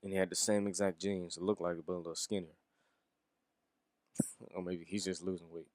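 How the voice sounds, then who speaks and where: A man with a somewhat low voice talks loosely through a wrestling review. He rambles, swears, and chuckles now and then. The recording is close and dry, with no room sound. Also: little pitch movement, a little fast, darkish tone, dry recording. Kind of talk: casual solo review.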